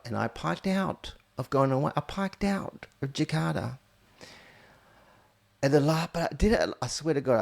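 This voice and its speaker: Brief: low, gravelly man, blunt and profane storyteller. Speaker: podcast host. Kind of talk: candid storytelling monologue.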